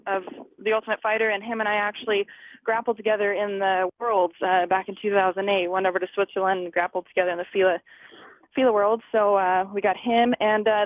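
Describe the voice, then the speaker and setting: A woman's voice: medium pitch, slight background noise. Chatty woman on a tinny phone line. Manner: chatty, laughs often, reenacts dialogue. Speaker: guest fighter. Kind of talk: phone interview.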